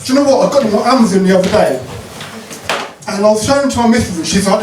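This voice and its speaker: Fast and animated, this high-voiced comedian from Croydon in South London does crowd work on a comedy club stage before a live audience. He's cheeky and punchy, leading call-and-response, with the audio roomy, distant, and noisy.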